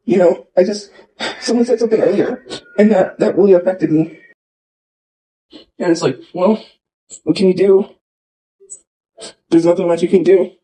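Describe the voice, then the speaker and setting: A man's voice: high voice, fairly even intonation, moderate pace, long pauses, mellow, rough recording. A man ranting on a livestream, upset and rambling, repeating himself and filling gaps with "like" and "you know.". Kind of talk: emotional livestream rant.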